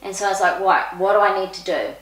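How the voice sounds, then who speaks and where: A woman, telling personal stories in a casual vlog, chatty and expressive, acting out what people said. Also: medium pitch, fast talker. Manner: chatty and expressive, acts out quoted speech. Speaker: vlogger. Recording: echoey room.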